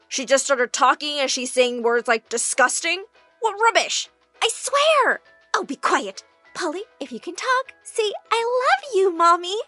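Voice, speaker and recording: A woman's voice: very high voice, sharp tone, no echo, voice pushed up, full character voice. A woman doing a dismissive, scolding mother. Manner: gushing to one child, curt and scolding to the other. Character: doting, dismissive adoptive mother.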